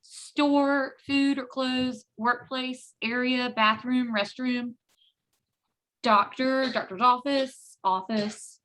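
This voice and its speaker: A woman taking part in a sign language class, slowly and carefully listing back what was taught. Her voice sits high and her pace is unhurried. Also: steady tone, fairly bright tone, low-quality recording. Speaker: class participant.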